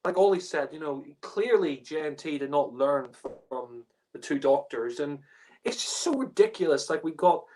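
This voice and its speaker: A man's voice: on the high side, animated, normal speed, darkish tone, rough recording. A man co-hosting a casual review podcast. He talks bluntly and with exasperation, swears, and fills his speech with "you know" and "like.". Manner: blunt, exasperated, swears, heavy filler words. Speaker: podcast co-host reviewing episodes.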